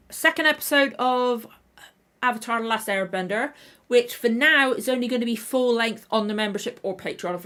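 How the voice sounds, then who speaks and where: A woman's voice: on the high side, sharp tone. A tired woman with a slightly tender throat, hosting a casual livestream chat and rambling with frequent self-corrections. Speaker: reaction channel host.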